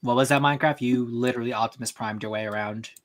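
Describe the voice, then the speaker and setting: A man's voice: mid-range voice, steady tone, fast. Man hosting a chatty livestream. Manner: loose and chatty, with fillers and restarts. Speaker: livestream host. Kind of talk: casual livestream chat, summarizing a fan story.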